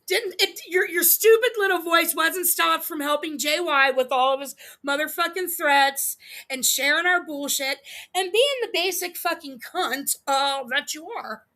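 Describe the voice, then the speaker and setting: A woman's voice: very high-pitched, unhurried, pushed and bright. A woman hosting a livestream, reacting to a clip with profane, heated, laughing commentary. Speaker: livestream host. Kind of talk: casual commentary stream.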